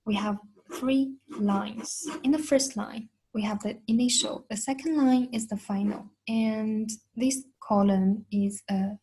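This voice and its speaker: A woman with a Chinese accent talks through a beginners' lesson at a very slow, deliberate pace. Her voice sits a little high and sounds slightly husky. She says each sound twice, with patience. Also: dark tone, low-quality recording. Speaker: Chinese language teacher. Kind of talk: slow, careful language lesson.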